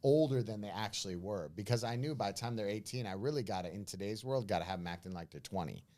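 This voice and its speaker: A middle-aged man, a pastor and guest, telling stories in a casual interview, animated and acting out what people said. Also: lowish voice, fast talker. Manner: animated storyteller, acts out quoted voices, says "man" and "bro".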